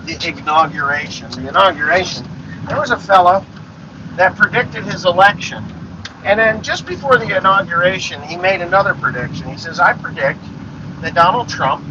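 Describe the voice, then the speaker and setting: High-voiced man, blunt and profane, lo-fi recording with steady noise behind. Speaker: podcast host. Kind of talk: ranting monologue. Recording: dull lo-fi sound with noise.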